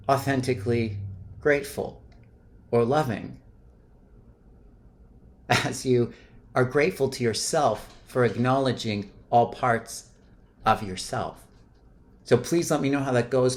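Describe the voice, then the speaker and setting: A man talking to camera in an earnest, coaching way about feelings, often trailing off softly at the ends of his thoughts. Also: mid-range voice, takes it slowly, pauses often. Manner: earnest and coaching, gets loud and playful when swearing. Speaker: self-help vlogger. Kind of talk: reflective solo talk to camera.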